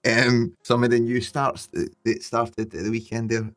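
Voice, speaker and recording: A man's voice: mid-range voice, monotone, moderate pace. A man co-hosting a podcast, trading jokes and laughing often as he chats. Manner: jokey, laughs often, swears. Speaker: podcast co-host. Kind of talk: casual banter.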